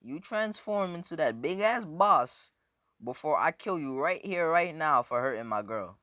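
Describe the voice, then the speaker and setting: A man's voice: a little high, lively intonation, a little slow, pushed and bright, dry recording, clean studio sound, pitched above the performer's own voice. A man voicing a cocky young male ninja hero with brash, slangy trash talk.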